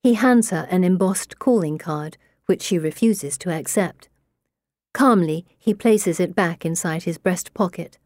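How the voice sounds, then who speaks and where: A woman narrating a story in the first person, in a measured way. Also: lowish voice, a little mellow, no echo, clean studio sound. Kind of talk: audiobook narration.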